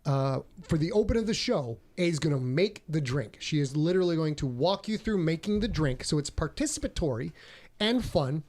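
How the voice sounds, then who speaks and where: A man's voice: on the high side, lively intonation, normal speed, a little mellow. Playful male podcast host. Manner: playful, joking, enthusiastic. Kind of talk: casual podcast chat.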